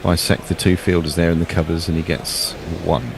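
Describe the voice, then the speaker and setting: A man's voice: sits low, steady tone, brisk, vocal fry, background noise. A man giving chatty, jokey ball-by-ball cricket commentary. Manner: chatty, jokey, describes play.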